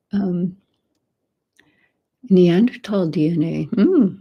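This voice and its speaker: Breathy whispering woman, soft ASMR chat. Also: on the low side, slow, pauses often. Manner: rambling, drifting between whisper and soft voice. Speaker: ASMR channel host.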